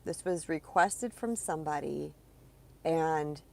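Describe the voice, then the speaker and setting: A woman with a low voice talks as a spiritual coach. She is earnest and encouraging. Her tone stays conversational, as if chatting with viewers of a live stream. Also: takes it slowly, gravelly. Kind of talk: live-streamed motivational talk.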